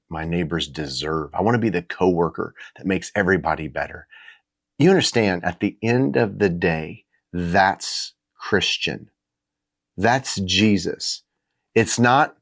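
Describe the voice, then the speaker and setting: Deep-voiced earnest man, dry close sound. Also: dry recording. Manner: halting, earnest, many restarts and fillers. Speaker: Christian minister. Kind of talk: casual reflective talk.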